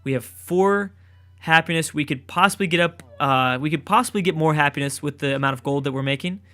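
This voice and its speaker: A man casually commenting on his own strategy gameplay, thinking aloud, repeating himself and breaking into excited outbursts. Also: on the high side, fairly quick. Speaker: let's play gamer.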